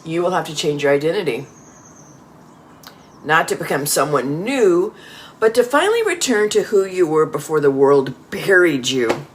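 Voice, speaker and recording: A man's voice: on the high side, big pitch swings, normal speed, slight background noise. A man reading a scripted motivational speech in a firm, emphatic way.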